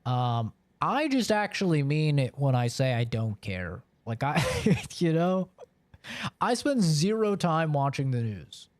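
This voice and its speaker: A man's voice: a little high, very animated, a little slow, no echo. A man live-streaming and chatting casually with viewers, rambling along with lots of filler words.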